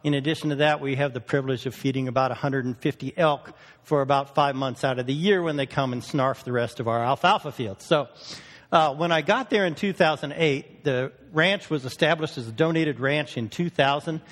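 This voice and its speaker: Fast-talking folksy man in echoing hall. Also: on the high side. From northern United States. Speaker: research station cattle manager. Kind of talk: conference talk.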